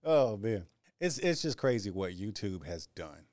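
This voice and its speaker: A man's voice: lowish voice, sing-song, unhurried, darkish tone, no room sound, studio quality. A man hosting a casual podcast chat, laid-back and joking.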